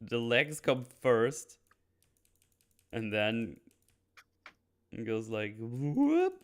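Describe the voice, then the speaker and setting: A man hosting a casual film review chat, laughing often and acting out characters in quick voices. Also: lowish voice, steady tone, a bit bright, clear, resonant tone. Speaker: podcast host.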